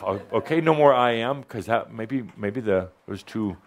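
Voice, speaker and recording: A man's voice: lowish voice, moderate pace. A man giving a playful spiritual talk to a live audience, teasing, joking and leading them in call-and-response. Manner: teasing, joking, often laughing mid-phrase.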